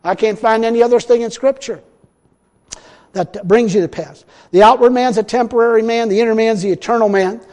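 A man preaching a sermon in a folksy way, repeating himself and swinging between loud and hushed. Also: very high-pitched, a little fast. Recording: long hall reverb.

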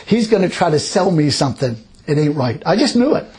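A man's voice: a little high, big pitch swings, a little fast, a little mellow. A man preaching a sermon, telling stories in a folksy, chuckling way. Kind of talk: sermon with personal storytelling.

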